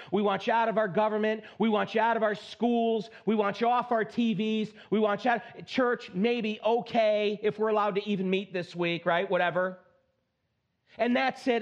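Man, pastor, sermon, high voice, emphatic, dull lo-fi recording. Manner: emphatic preaching, swinging between high exclaims and low, slow stresses; playful asides, mock self-talk.

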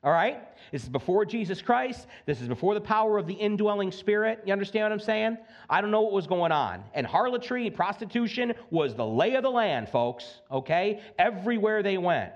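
A man preaching a sermon to his congregation in a lively, conversational way, often checking in with "okay?" and acting out voices. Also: sits high, a little fast, hardly any pauses, highs cut off. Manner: animated, conversational, acts out voices, keeps asking "okay?". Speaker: pastor. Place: church sanctuary.

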